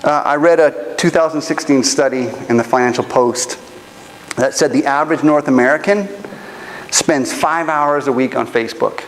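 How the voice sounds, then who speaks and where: A man's voice: medium pitch, moderate pace, slight background noise. A man preaching a sermon as pastor, telling stories in an earnest, emotional way. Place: church auditorium. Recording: long church hall reverb, faint ambience.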